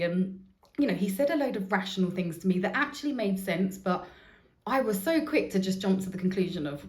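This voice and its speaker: A woman's voice: medium pitch, animated, a little fast, a little mellow, reverberant. A woman hosting her own show, telling a rambling personal story in a candid, casual way and swearing freely. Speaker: host.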